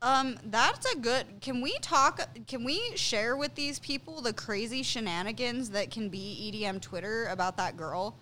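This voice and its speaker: A young woman with a bright, animated voice jokes her way through a podcast chat, laughing often and breaking into silly voices. Her pitch sits a little high, and a faint hiss runs under the recording. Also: moderate pace, few pauses. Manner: playful, laughs a lot, acts out silly voices. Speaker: podcast co-host. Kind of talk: casual chat.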